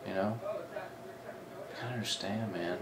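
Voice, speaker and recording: A loud crowd surrounds this forties-aged comedy club talent coordinator as he slowly tells stories in a lowish voice during a casual interview. Animated, he imitates the voices of those he quotes, and the mic sits far away in an echoey room.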